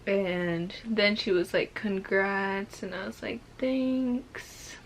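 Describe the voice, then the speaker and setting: Speaking into the camera, this pregnant young woman shares a personal story as a vlogger, slowly and with plenty of "like"s, her emotion building over time. Her mid-range voice stays fairly even in intonation, and there's slight noise in the background.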